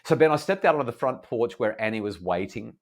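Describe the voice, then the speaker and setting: A middle-aged Australian man, a parenting expert, calmly and earnestly telling a family story in an interview. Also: medium pitch. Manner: calm, earnest, measured retelling.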